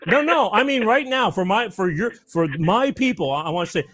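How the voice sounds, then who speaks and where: A man's voice: sits high, animated, a little fast, few pauses, a bit bright. A man hosting a call-in talk show, speaking emphatically, repeating himself and stumbling over words. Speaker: radio show host.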